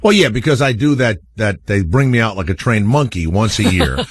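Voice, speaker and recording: Lively joking male radio host. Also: lowish voice, brisk, husky, no echo. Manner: joking, rambling with restarts. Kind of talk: casual radio talk.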